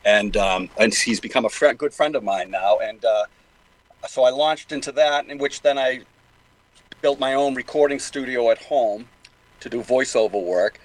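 An older New England man with a Boston accent talks at length as a guest in a casual interview, rambling with many fillers and restarts. His voice is medium-pitched at a normal speed, and the recording is rough.

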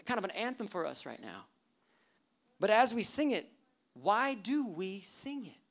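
Animated pastor preaching with rhetorical questions. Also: mid-range voice. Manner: lively, with rhetorical questions to the audience; joking asides. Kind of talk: sermon. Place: church service.

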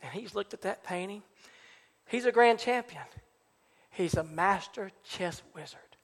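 A man preaching a sermon, building to shouted, chanted repetitions. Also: high-pitched, in a large hall. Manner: rising to shouted, chanted preaching with repeated phrases. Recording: live church service with congregation.

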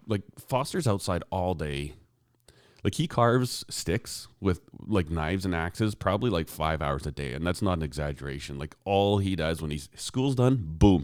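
A man's voice: low voice, a little mellow, no room sound, studio quality. A man co-hosting a casual podcast, telling a long rambling story and acting out the people in it. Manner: rambling storyteller, acts out quoted neighbor. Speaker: podcast co-host. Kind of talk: casual chat. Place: rural home shop.

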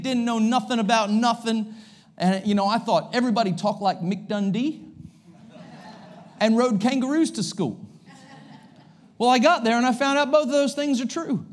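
An American man in his forties delivers a sermon as a visiting pastor, his voice sitting notably high for a man. He is energetic and humorous, leaning into exclamations and jokes. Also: normal speed. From United States. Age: 40s. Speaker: guest pastor. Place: church service.

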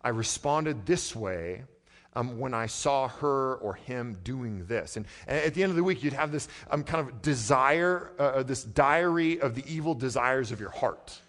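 A man preaching a sermon as pastor, talking in a conversational way and swinging from quiet, low passages to loud, emphatic ones. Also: animated, unhurried. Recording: long hall reverb.

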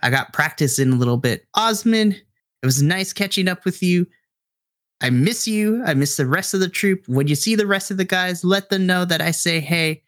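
A man voicing a friendly, easily embarrassed teenage boy who talks quickly and eagerly. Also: high-pitched, a bit bright, no echo, studio quality, pitched above the performer's own voice. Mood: hurried.

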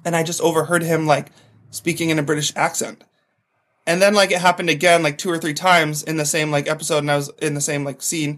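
A man's voice: fairly high pitch, little pitch movement, fairly quick, a bit bright. A man talking as a podcast guest, a chatty storyteller who fills his talk with "like". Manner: chatty storyteller, heavy use of "like". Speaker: podcast guest, former TV extra. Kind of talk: casual chat.

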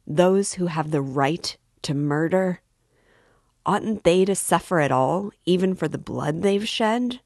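A woman's voice: low-pitched, expressive, slow pace, no echo, clean studio sound, heavily acted. A woman voicing an agitated young man. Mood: challenging. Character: agitated young male student, earnest and horrified.

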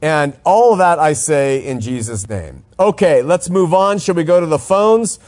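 A man's voice: fairly high pitch, expressive, moderate pace, darkish tone. A man hosting a religious call-in show, talking earnestly and arguing his point with emphasis. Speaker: radio call-in show host. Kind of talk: call-in radio talk, religious commentary.

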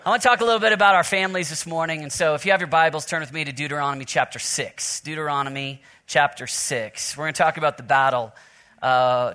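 Preaching a sermon at a men's conference, an Oklahoma pastor moves between humorous anecdotes and heartfelt prayer and Bible reading. He speaks at medium pitch with a sharp tone.

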